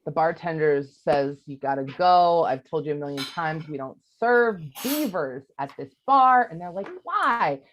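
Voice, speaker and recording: A woman's voice: low-pitched, animated, slight background noise. A woman playing in a live improv comedy show, telling jokes hesitantly and losing her thread. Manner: hesitant, halting joke telling. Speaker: improv player.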